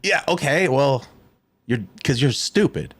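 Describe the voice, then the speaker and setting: A man's voice: mid-range voice, expressive, measured pace, a bit bright, soft background music. A young man ranting on his livestream, sarcastic and mocking, swearing a lot and mimicking people in sneering voices.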